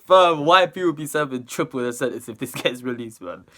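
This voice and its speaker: A man giving casual, animated reaction commentary as a video host, exclaiming often. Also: mid-range voice, fairly quick. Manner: animated, exclaiming and laughing between remarks. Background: faint music.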